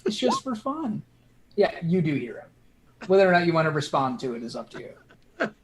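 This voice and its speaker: A man running a homebrew tabletop game as game master, describing the action in a relaxed way with lots of fillers. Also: a little high, noisy background. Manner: relaxed, halting with many fillers.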